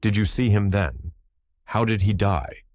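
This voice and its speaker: A man's voice: on the low side, expressive, unhurried, darkish tone, no room sound, studio quality. A man voicing a grieving mother who pleads to know how her soldier son died, in an audiobook reading. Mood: pleading. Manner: pleading, anguished questioning.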